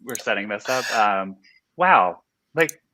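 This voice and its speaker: A man guest on a casual online chat, talking excitedly with stammered restarts over a video call. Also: fairly low pitch, takes it slowly. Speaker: guest author.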